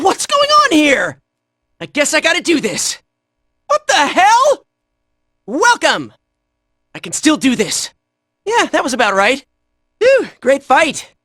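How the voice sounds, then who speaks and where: A brash young video game fighter, played by a woman, trades quick shouted battle cries and smug taunts. The voice sits very high and swings widely in pitch. It is recorded close and dry, with no room around it. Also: no room sound, heavily acted. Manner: shouted short battle cries, cocky and jokey.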